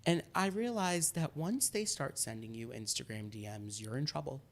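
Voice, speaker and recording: A man co-hosting a podcast in casual chat, telling animated stories that swing between loud and hushed. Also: medium pitch, moderate pace, vocal fry. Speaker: podcast co-host.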